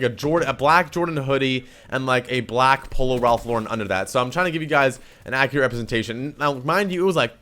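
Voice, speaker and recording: Young Canadian man telling a story. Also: medium pitch. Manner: animated, swears freely, acts out quoted lines. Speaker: vlogger. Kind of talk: casual storytelling to camera.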